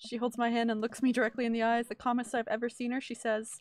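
A woman's voice: a little high, little pitch movement, fast talker, natural voice. A woman voicing a sentimental, easygoing middle-aged single dad from a video game, reading his lines aloud in a fond, storytelling way. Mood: wistful. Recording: quiet music under the voice.

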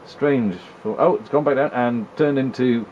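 Playing an old video game, a man with a mid-range voice jokes about the on-screen characters in casual, wry commentary at a moderate pace. He hosts retro gaming videos, and the muffled recording carries slight background noise.

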